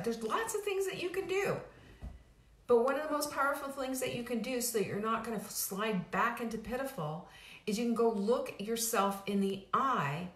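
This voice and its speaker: A woman's voice: a little high, a bit bright. Emphatic middle-aged woman in an echoey room. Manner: emphatic, repetitive, casual with frequent restarts. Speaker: weight-loss program host. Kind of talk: motivational talk. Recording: roomy echo.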